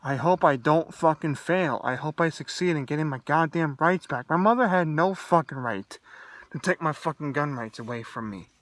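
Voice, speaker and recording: A young man delivers an agitated, expletive-heavy monologue straight to the viewer. His voice sits fairly high, and the recording is dry with no room echo. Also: moderate pace, fairly bright tone. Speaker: vlogger. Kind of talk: angry solo rant to camera.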